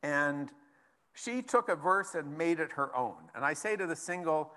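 A male pastor delivers a relaxed, conversational sermon. His voice sits a little higher than most men's, and he moves easily between reading scripture aloud and chatting with the congregation. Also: normal speed.

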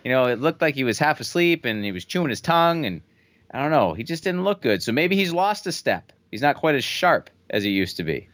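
A man talking politics in a casual chat, speaking in a measured, even-handed way. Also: medium pitch, no room sound.

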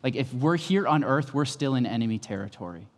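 A male pastor in his thirties preaching a sermon, with lively storytelling that swings from calm to loud. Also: mid-range voice, brisk. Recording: long hall reverb.

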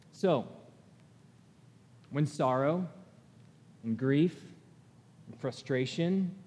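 A man preaching a sermon as pastor, earnest and deliberate, lifting his voice when he reads lament passages. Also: fairly high pitch, dark tone. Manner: slow, earnest, pausing delivery, rising for quoted laments. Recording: long reverb of a large hall.

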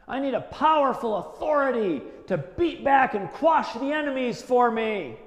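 High-voiced pastor in an echoey hall. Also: male voice. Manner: conversational, animated, acts out quoted voices. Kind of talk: sermon.

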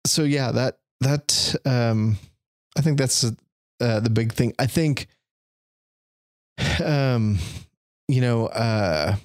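A man's voice: medium pitch, extremely slow, long pauses, no room sound, clean studio sound. A middle-aged man as a podcast guest, talking in a reflective, thorough and self-deprecating way. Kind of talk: casual conversational interview.

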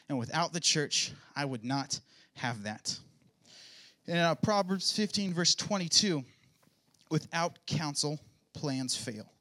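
A young man speaks at church about his upbringing, mixing earnest testimony with playful, self-mocking jokes. His voice sits a touch high and rings bright and clear. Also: lively intonation, takes it slowly. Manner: joking, self-mocking asides. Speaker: pastor's son giving a church talk. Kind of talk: casual sermon testimony.

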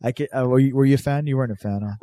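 A man in his thirties riffing on a podcast in casual, crude banter. He is animated and swings into mocking put-on voices when he quotes someone. The mic is close and the sound is dry. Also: medium pitch, racing, no echo. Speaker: podcast co-host.

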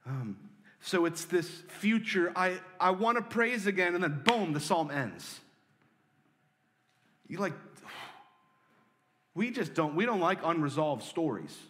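Male pastor, earnest sermon delivery, slightly high voice, big reverberant hall, swings from pleading to hushed. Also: very animated, slow pace, pauses often. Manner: earnest, swings between loud pleading and soft hushed lines.

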